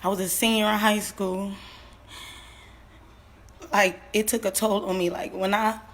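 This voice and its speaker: A woman in her twenties, a grieving mother telling her story on a live stream, nervous and shaky, halting, with lots of fillers and repetition. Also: medium pitch, little pitch movement. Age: 20s. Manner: halting, filler-heavy, repeats herself.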